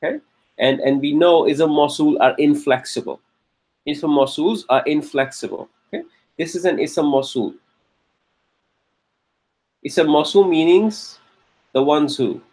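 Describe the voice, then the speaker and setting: Husky male grammar teacher, patient. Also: fairly high pitch, darkish tone. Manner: patient, checks in with frequent "okay?" and "correct"; slows down and stresses key terms. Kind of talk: classroom lecture.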